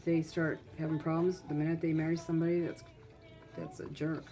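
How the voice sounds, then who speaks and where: A woman with a Midwestern American accent talks casually as she works as a colon therapist. Her voice sits a little low, and she tells long stories, acting out what other people said. She talks like someone chatting with a client. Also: flat delivery, fairly quick, mellow, faint music behind. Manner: chatty storyteller, acts out quotes. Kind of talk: casual chat during a session.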